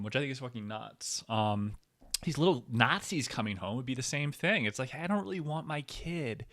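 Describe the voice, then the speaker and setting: Bright-toned rambling male comedy host. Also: mid-range voice, moderate pace. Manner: rambling, tangents, frequent fillers and restarts, sudden whispers. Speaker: podcast host.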